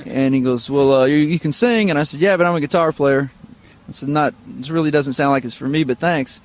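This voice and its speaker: A middle-aged man, speaking in a slightly raised pitch. He tells loose, easygoing stories with many fillers and pauses. He sounds like a musician being interviewed on the radio. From Missouri, United States. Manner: relaxed, rambling anecdotes with many fillers. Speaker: guest musician, guitarist. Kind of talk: casual interview storytelling. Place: radio studio.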